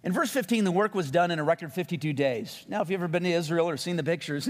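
A man's voice: a little high, fast talker, hardly any pauses. A middle-aged man preaching a sermon in a loose, conversational way, telling a personal story and restarting his sentences often. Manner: conversational, animated in quotes, frequent restarts. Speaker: pastor. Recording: long reverb of a hall.

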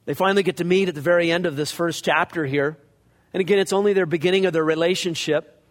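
A man's voice: a little high, fast. A man preaching a verse-by-verse sermon in a conversational way, acting out scripture passages in character as he goes. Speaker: pastor. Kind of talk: expository sermon. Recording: long reverb of a large hall.

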